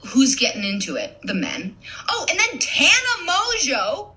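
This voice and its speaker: A woman's voice: high-pitched, wildly swooping pitch, measured pace, sharp tone, poor audio. A young woman in a casual, profane rant, blunt and swearing often, laughing as she talks. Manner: blunt, swears a lot, laughs mid-sentence. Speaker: content creator.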